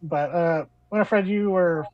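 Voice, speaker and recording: A man's voice: high voice, unhurried, no echo, lo-fi sound. Man running a tabletop game, loose rambling narration, dry sound. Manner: rambling, filler-heavy. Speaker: game master.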